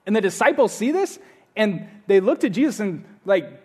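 Man, young adult, pastor, high voice, casual sermon, animated storytelling. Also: normal speed, slightly rough.

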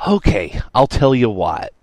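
A man voicing an exasperated, scheming young shop owner who talks in a raised, pushy, excitable way. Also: medium pitch, unhurried, dry recording.

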